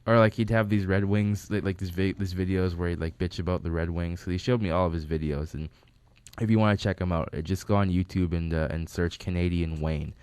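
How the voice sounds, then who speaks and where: A man with a very low, smooth and resonant voice tells casual stories about a friend who has died. He rambles and restarts his sentences as he goes. The studio sound is dry and close. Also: fairly even intonation, brisk, darkish tone, dry recording. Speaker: friend giving a tribute. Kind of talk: casual storytelling. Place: recording studio.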